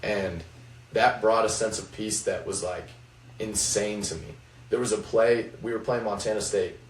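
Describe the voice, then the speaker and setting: Young male player, low and reflective, a bit distant from the mic. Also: steady tone, moderate pace. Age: young adult. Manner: reflective storytelling, many fillers. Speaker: college basketball player. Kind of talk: faith-focused podcast chat. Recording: roomy, distant mic, faint noise.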